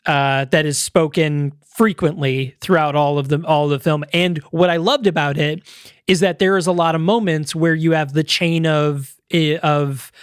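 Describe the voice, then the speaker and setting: A man co-hosting a podcast in casual chat, animated and quick to act out what others said, swearing casually. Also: a little high, clean tone, no echo, studio quality. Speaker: podcast co-host.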